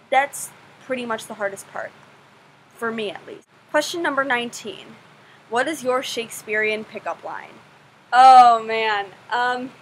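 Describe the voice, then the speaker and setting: A young woman talks straight to camera with a bright, forceful tone that sits a little high. She chats and gushes with a self-deprecating streak. A faint hiss runs under the recording. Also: low-quality recording. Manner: chatty, self-deprecating, gushing. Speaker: vlogger answering viewer questions. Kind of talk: casual Q&A vlog.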